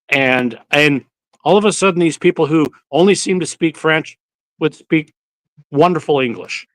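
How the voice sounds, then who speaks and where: A man's voice: a little high, moderate pace, dry recording, poor audio. Chatty man telling stories, dry sound. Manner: rambling storyteller, swears casually. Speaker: host of a barbecue channel livestream. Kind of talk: casual live-stream chat.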